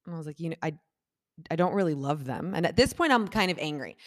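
A woman telling a personal story in a casual chat, animated and acting out the voices of the people in it, with lots of "like" and "I'm like" fillers. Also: fast talker, dry recording, clean studio sound. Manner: animated, acts out quoted voices with big shifts in pitch and loudness; talks with many fillers like "like" and "I'm like".

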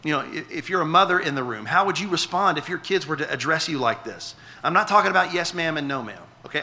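Man, middle-aged pastor, high-ish and very bright voice, talks the congregation through a passage. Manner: conversational, repeats words when restarting; asks the congregation questions. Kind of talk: sermon.

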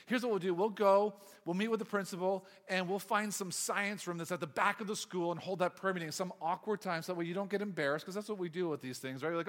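A man's voice: sits high, fast, hardly any pauses. A man who is a youth pastor, telling a story in a sermon and acting out the voices of the people in it. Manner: animated, acts out quoted voices. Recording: long hall reverb.

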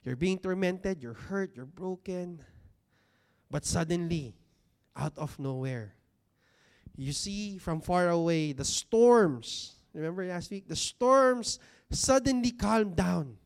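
Man, preacher, sermon, high-pitched, unhurried, rhetorical questions, drawn-out emphasis. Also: a little mellow, clear, resonant tone. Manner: conversational, asks the congregation rhetorical questions; stresses key words with slow, drawn-out delivery. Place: church hall with congregation seated.

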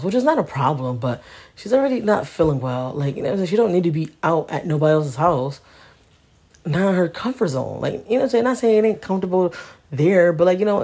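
Young-mom podcaster, husky and worn out; loose, profane, frustrated chat. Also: female voice, lowish voice, mellow. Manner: profane, frustrated, keeps asking "you know what I mean". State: tired. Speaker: podcast host, mother. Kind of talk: casual venting monologue.

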